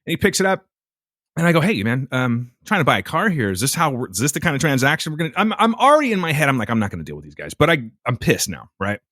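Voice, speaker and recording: Telling a profane, exasperated story in a casual, animated style, a podcast co-host speaks at a quick pace in a mid-range voice. The audio is studio quality with no room sound.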